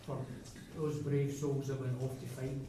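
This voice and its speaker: A man introducing a song at a folk club, chatting in a halting way with many ums and restarts. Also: mid-range voice, flat delivery, noisy background. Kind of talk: live stage patter between songs. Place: folk club room at a live gig. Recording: echoey live room from far off, loud guitar.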